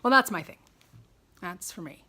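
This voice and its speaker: Speaking at normal speed with a low, animated, sharp-toned voice, a vlogger in her fifties records a casual video diary at home. Her talk is chatty and rambling, and she frequently laughs at herself.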